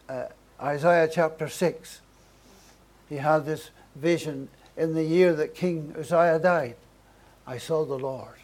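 Man, preacher, sermon, earnest, repeated emphatic phrases, somewhat high pitch. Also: a little mellow.

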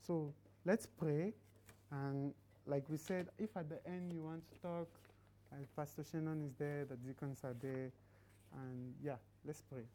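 Low, mellow-voiced woman preaching. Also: steady tone, a little slow, a little hiss or hum, poor audio. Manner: conversational, tells a story, asks the congregation questions. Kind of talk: sermon with closing prayer.

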